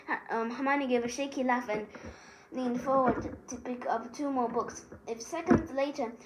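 A woman reading a novel aloud, with halting delivery and frequent restarts. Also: high voice, noisy background. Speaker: reader. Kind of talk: amateur audiobook reading.

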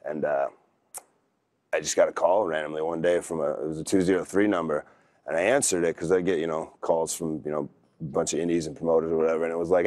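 Low-voiced laid-back man. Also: steady tone, fast talker, a little mellow, dry recording. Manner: laid-back, rambling storytelling. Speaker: wrestler guest. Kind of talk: casual interview talk.

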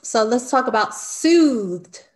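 A woman's voice: on the high side, animated, slow pace, a little mellow. Woman host, attentive interviewer. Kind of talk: conversational interview.

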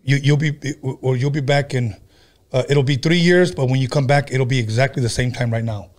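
A man's voice: medium pitch, fairly even intonation, a little fast, a little mellow. A man hosting a casual chat show, loose and profane, telling stories with many stumbles and restarts. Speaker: podcast host.

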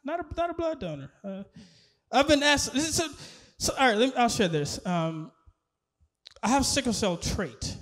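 High-voiced man doing animated stand-up. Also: normal speed. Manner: animated storytelling, laughing at his own jokes, acting out dialogue. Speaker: stand-up comedian. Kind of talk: stand-up comedy set.

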